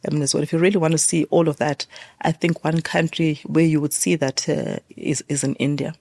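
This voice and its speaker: A woman's voice: low-pitched, flat delivery, brisk, mellow. A woman from South Africa, a guest in a casual interview conversation, who talks with many fillers and restarts.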